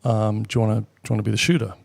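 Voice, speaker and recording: Gravelly British man telling stories. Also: fairly low pitch, little pitch movement, a little mellow. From Britain. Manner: anecdotal, quick asides, swears casually. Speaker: guest, former military pilot. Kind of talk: casual storytelling.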